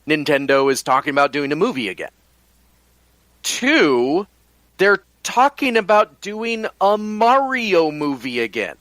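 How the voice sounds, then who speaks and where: A man's voice: medium pitch, a bit bright, no room sound. A man co-hosting a casual podcast, musing and rambling about games and movies with frequent restarts. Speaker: podcast co-host.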